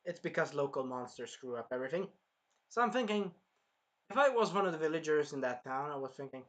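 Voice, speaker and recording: A man giving a casual, excitable anime review, swearing freely along the way. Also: fairly high pitch, quick pace.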